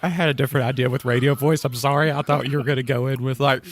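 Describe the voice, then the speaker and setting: A man hosting a podcast in casual chat, excitable and playful, laughing often, on a close studio mic. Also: mid-range voice, very fast, dry recording. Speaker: podcast host.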